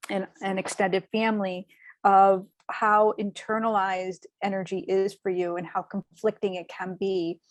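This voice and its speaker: Gushing animated woman medium. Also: medium pitch, no echo. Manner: animated, gushing, many fillers. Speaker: medium and show host. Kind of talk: spiritual reading, casual chat.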